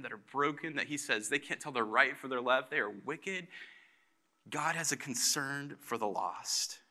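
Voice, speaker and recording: Male pastor, bright ringing tone, mid-range pitch, casual sermon delivery with big dynamic swings. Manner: conversational preaching with dramatic swings in volume.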